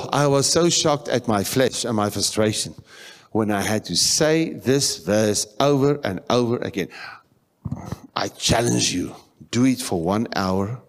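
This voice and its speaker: Lively pastor preaching. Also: male voice, lowish voice. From South Africa. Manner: conversational preaching, repeats phrases, rises to animated bursts. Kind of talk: sermon. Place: church.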